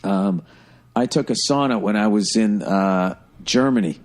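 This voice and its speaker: A middle-aged man telling a funny story in a casual, profane, animated way, like a stand-up comedian on a podcast. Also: lowish voice, measured pace.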